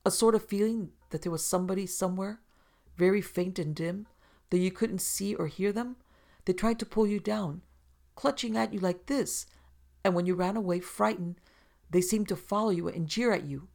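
A woman reading aloud and voicing an excitable young girl who eagerly tells a spooky tale. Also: mid-range voice, normal speed, creaky, voice pushed up, close to an everyday voice. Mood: excited. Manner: breathless, eager, insistent.

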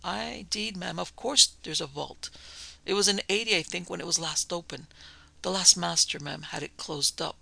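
A man's voice: sits high, normal speed, gravelly, pushed and bright, dry recording, full character voice. A man voicing a deferential old gamekeeper in his seventies, read as an audiobook character. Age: 70s. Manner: homely, deferential. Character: old Scottish male gamekeeper, plain and respectful.

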